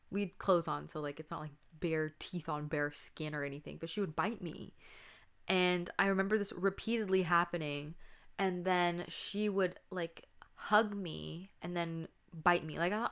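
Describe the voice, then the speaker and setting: A woman's voice: on the low side, fairly even intonation, normal speed, a bit bright, smooth. A young woman hosting a casual solo podcast, chatting and telling stories about her childhood, acting out the voices in them. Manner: chatty, laughing, acts out quotes. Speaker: podcast host.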